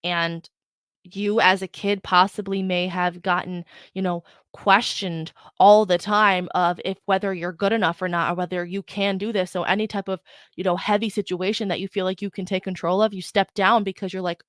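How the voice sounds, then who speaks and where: A woman's voice: mid-range voice, steady tone, normal speed, fairly bright tone, no room sound. A woman hosting her own podcast in a chatty, emphatic style, often breaking off and restarting her thoughts, speaking close to a podcast mic. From Ireland. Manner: chatty, emphatic, self-interrupting. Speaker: podcast host. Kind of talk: casual solo podcast talk with reading aloud.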